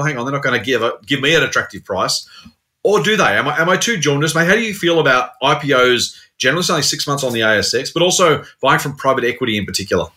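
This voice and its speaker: A man's voice: mid-range voice, sharp tone. An Australian man hosting an investing podcast in a chatty, matey way, with fillers and repeats. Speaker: podcast host, investment officer. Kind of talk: casual investing chat.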